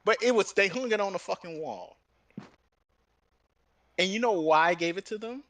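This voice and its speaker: A young man hosting his channel, telling a profane, animated story and acting out both sides of an argument. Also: high voice, normal speed. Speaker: gaming and art channel host. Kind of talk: casual storytelling rant.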